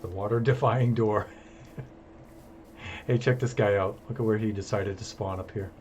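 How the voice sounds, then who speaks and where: A man talks through a live game stream in a relaxed, self-amused way, tossing out jokey tips. His voice sits on the low side. The recording carries a clear hiss of background noise. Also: normal speed. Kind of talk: live gameplay commentary.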